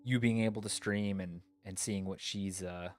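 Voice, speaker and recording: A man's voice: lowish voice, steady tone, normal speed, faint music behind. A man streamer chatting casually and rambling, thinking aloud with fillers, sleepy. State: yawning, sleepy. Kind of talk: casual chat.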